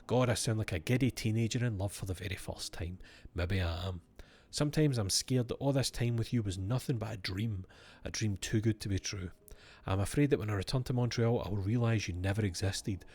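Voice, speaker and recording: A man's voice: lowish voice, a little mellow, husky. A man streaming a game, reading its letters aloud and breaking off for wry asides to himself.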